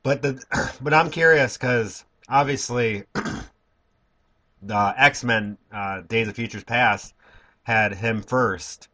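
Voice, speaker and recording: A man co-hosting a casual movie podcast, relaxed and curious, asking questions. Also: mid-range voice, slow pace. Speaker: podcast co-host.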